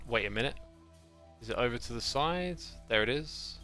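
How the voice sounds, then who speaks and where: A man's voice: mid-range voice, expressive, moderate pace, pushed and bright. A man talking casually to his livestream chat while playing a game, thinking aloud and rambling. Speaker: game streamer. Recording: faint background music.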